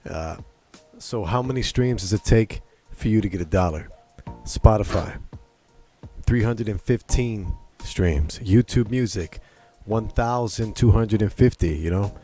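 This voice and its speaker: A male host asking a guest questions, energetic and fond of citing facts and figures. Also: fairly low pitch, a little slow, soft background music. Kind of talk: interview questions.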